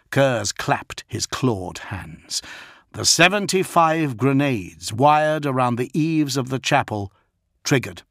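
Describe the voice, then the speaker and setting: A man reads an audiobook slowly and deliberately, with a gravelly, fry-edged voice. The sound is dry and close, with no room around it. His delivery is measured and dramatic. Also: mid-range voice, animated, fairly bright tone, no echo. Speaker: audiobook narrator. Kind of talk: scripted audiobook narration.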